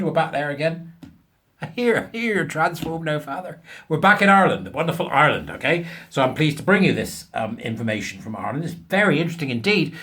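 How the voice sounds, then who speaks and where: A man's voice: a little high, fairly bright tone. A man hosting a casual monologue, rambling, chatty and self-mocking. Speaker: host. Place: home office at a walking desk.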